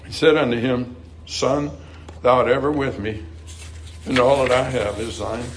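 A middle-aged man preaching a sermon earnestly, climbing to emphatic highs and dropping to soft, quiet passages. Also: a little hiss or hum, poor audio.

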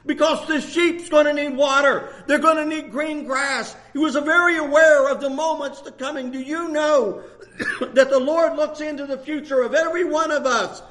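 An older man in his sixties preaches with a lilt. His voice sits very high for a man, and he pushes his points with fervent repetition, building to shouted emphasis. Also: steady tone, normal speed. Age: 60s. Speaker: pastor. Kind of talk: sermon.

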